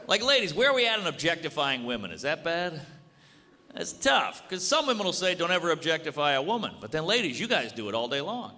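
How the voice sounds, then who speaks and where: A man in his thirties doing a stand-up comedy set, with a brash and animated delivery that breaks into shouted punchlines. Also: on the high side, fairly quick. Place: large hall with live audience. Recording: echoey hall, audience noise.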